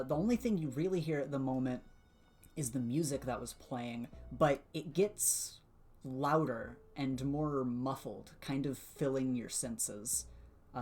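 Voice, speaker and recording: A man's voice: medium pitch, normal speed, darkish tone. A man narrating as game master of a tabletop role-playing game, chatty, with frequent fillers, restarts and laughs.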